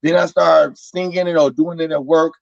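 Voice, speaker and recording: High-voiced man chatting on a muffled mic. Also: fairly even intonation, normal speed, creaky. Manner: talks in looping repeats, loose and emphatic. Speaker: podcast co-host. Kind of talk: casual chat.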